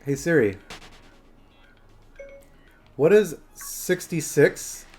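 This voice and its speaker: A man's voice: a little high, lively intonation, drawn-out words, darkish tone, faint music behind. A man streaming a game, chatting casually and rambling to his viewers. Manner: rambling, chatty, talking to chat and his phone. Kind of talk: casual live-stream chat.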